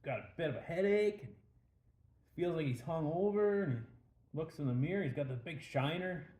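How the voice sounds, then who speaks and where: Mellow-voiced man telling a joke. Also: a little high, moderate pace. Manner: relaxed, rambling with fillers. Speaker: host of a beer and joke show. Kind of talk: casual beer review and joke telling. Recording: echoey room.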